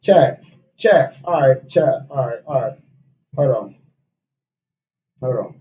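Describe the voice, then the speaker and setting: Laid-back streamer, man, swears freely, mellow, dull lo-fi sound. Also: medium pitch, expressive, slow pace, echoey room. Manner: casual, cussing, reacting to chat. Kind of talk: reading a story aloud on a livestream.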